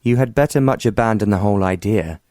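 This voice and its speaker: A man voicing a mild, wry former naval officer, an earl who stays calm and stubborn in a romance audiobook. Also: fairly low pitch, fast, no echo, studio quality, close to an everyday voice.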